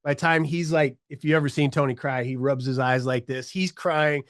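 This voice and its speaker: A middle-aged man telling his story as a podcast guest, animated, acting out the voices of people he quotes. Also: mid-range voice, moderate pace, no echo, clean studio sound.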